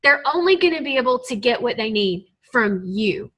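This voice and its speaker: A woman's voice: on the high side, sing-song, normal speed, sharp tone, rough recording. A woman leading a team call, giving an earnest, emotional motivational talk to her group. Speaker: team leader on a coaching call.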